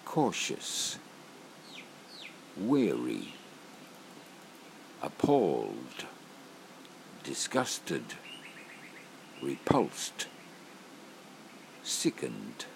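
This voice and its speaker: A man with a low, gravelly voice reads single words one by one at a very slow pace. His pitch rises and falls widely from word to word. A faint hiss of noise sits under the recording. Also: huge pitch swings. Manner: slow, deliberate word-by-word reading with long pauses. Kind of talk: slow list of emotion words read aloud.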